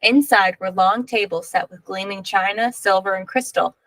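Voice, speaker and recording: A woman reads a children's picture book aloud, expressive and clear, with a gravelly, creaky voice. The recording sounds dry and close. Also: medium pitch, moderate pace, dry recording, poor audio. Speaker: reader.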